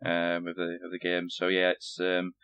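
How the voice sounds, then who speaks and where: A man's voice: deep voice, monotone, normal speed, fairly bright tone, smooth. A Northern English man co-hosting a gaming podcast, rambling and repeating himself with lots of fillers. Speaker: podcast co-host. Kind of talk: casual podcast chat.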